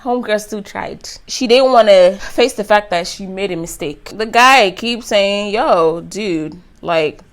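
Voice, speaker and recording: A young woman recapping a reality show in a loose, slangy, chatty way. Her voice sits at an ordinary middle pitch, and she keeps the telling animated and conversational. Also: measured pace, hardly any pauses. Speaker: YouTube reviewer. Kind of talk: casual recap commentary.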